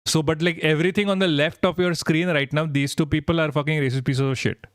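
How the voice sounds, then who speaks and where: A man's voice: a little high, fairly even intonation, fast talker, smooth, no echo, studio quality. A young Indian man hosting a live stream, ranting bluntly and with lots of swearing as he answers viewer comments. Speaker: livestream host.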